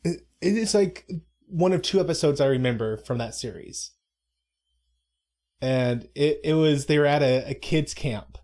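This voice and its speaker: A stream co-host chats casually during a live broadcast, rambling, cutting himself off, and tossing in mock-dramatic asides. His voice is on the high side with a darkish tone, and he takes his time.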